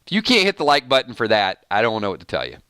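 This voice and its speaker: Bright, crisp Georgia-accented man. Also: on the low side, very animated, fast, no echo, studio quality. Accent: Georgia, US South. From Georgia, USA. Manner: easygoing, chuckles often, folksy. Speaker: show host reading viewer chat. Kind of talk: casual live-stream chat.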